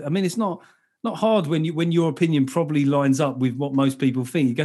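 A sweary man hosts a comedy podcast, rambling through jokes in a relaxed, chatty way. His voice sits a little higher than most men's, and he talks freely with his co-host. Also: fast. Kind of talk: casual comedic chat.

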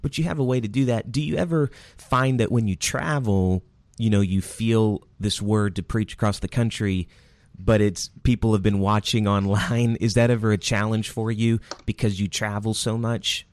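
A man's voice: fairly low pitch, steady tone, moderate pace, dry recording. A man hosting a casual interview, affirming his guest often. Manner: affirming, warm listener with short interjections. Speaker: interview host.

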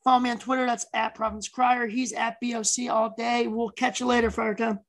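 A woman co-hosting a sports podcast in casual, excitable chat that often runs over her co-host. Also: a little high, a little fast, low-quality recording.

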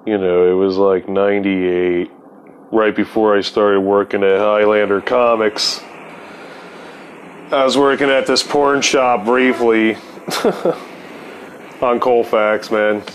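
A man's voice: lowish voice, steady tone, takes it slowly, long pauses, slight background noise, poor audio. A man telling casual stories as a podcast host, in a profane, slangy, rambling way full of "dude" and "man". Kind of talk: casual storytelling.

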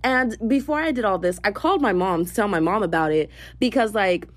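A young woman, chatting excitedly in a casual podcast recorded as phone voice notes. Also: medium pitch, fairly quick, no room sound. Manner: chatty, excitable, gushing storyteller. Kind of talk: casual voice-note podcast chat. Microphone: phone voice memo.

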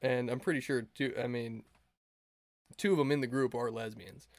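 A man's voice: mid-range voice, steady tone, moderate pace, no echo. A young man chatting on a podcast, telling a crude, rambling story with lots of fillers and laughs. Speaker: podcast co-host. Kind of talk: casual podcast chat.

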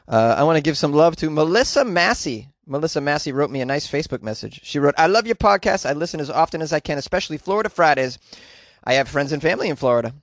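A man's voice: a little high, expressive, fast talker, no room sound, studio quality. A man hosting his own podcast, chatting in a loose, jokey, rambling way and reading out listener messages. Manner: jokey, rambling, breaks into off-key singing. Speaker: podcast host. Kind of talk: casual solo podcast chat.

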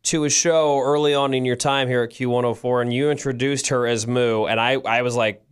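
A man's voice: medium pitch, fairly even intonation, fairly quick, smooth. Male co-host, mid-range voice, wry and teasing. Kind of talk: casual chat.

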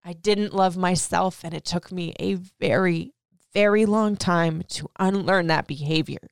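Young woman podcaster, emotional and tearful, very smooth clear voice, dry close sound. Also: on the low side, measured pace, no room sound. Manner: emotional, tearful, addressing her young son directly. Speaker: podcast host. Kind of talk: heartfelt podcast monologue.

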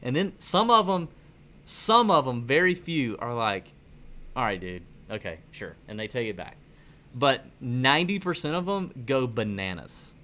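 A man hosting a casual chat show, telling stories in a rambling, animated way with many restarts. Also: medium pitch, normal speed. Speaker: podcast host.

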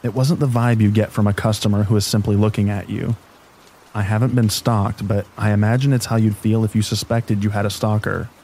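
Male narrator for bedtime horror stories, deep and dark-toned, reading calmly over rain. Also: brisk, slight background noise, poor audio. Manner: calm, even sleep-story reading. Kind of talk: scripted narration of scary stories.

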